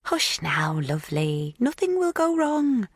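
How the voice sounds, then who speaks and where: A woman's voice: fairly high pitch, big pitch swings, measured pace, husky, no echo, clean studio sound, voice pushed up, heavily acted. A woman voicing an unsettling older woman who plays the midwife, soothing in a sing-song, menacing way. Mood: falsely soothing.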